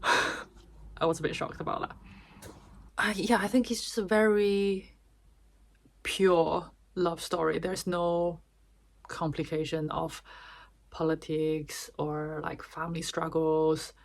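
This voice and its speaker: A woman's voice: sits low, flat delivery, slow pace, vocal fry, long pauses. A woman vlogger giving a chatty, casual summary of a book, with restarts and small laughs.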